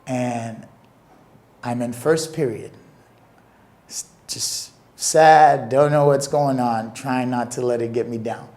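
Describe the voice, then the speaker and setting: A young man telling a personal story in an interview, earnest and emotional, with halting pauses. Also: medium pitch, steady tone, mellow.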